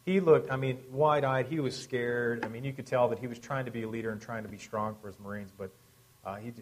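A man who serves as a military chaplain, telling a personal story conversationally, with wry humor and a voice that drops to a hush at emotional moments. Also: mid-range voice, low-quality recording. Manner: wry, self-deprecating humor.

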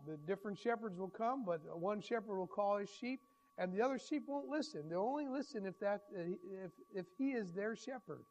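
Male pastor, high voice, hoarse, folksy rambling sermon delivery. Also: low-quality recording. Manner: folksy, rambling, many restarts and fillers. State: hoarse, clearing throat.

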